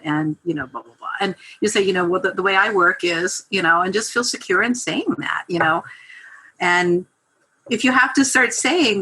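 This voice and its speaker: A woman's voice: medium pitch, normal speed, breathy edge, low-quality recording. A middle-aged woman talking casually as a podcast guest, telling stories with many fillers. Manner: chatty, animated storyteller with lots of fillers. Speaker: guest copywriter.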